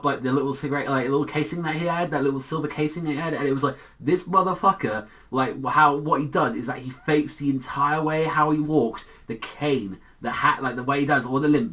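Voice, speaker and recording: Excitable, profane man reviewing anime. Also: medium pitch. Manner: excitable, profane, heavy use of filler "like". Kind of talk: casual rambling review.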